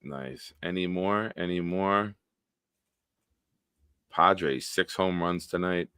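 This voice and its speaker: A man's voice: low-pitched, slow pace, pushed and bright, clean tone, dry recording. A young man hosting a sports podcast live stream, casually joking and reading out viewer comments. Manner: jokey, reads out viewer comments.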